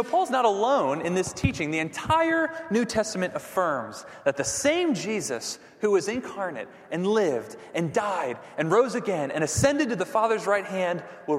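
Animated preacher in a reverberant hall. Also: male voice, high-pitched. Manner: animated preaching, drops to near whispers for emphasis. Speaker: pastor. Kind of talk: sermon.

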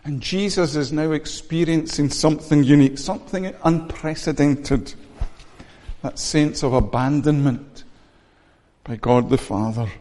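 A man delivers a sermon in a slightly high voice, earnest and measured, often doubling back on his words. His voice rings out with a long reverb in a church hall. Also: dark tone. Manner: earnest, measured preaching with frequent repeated words. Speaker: pastor.

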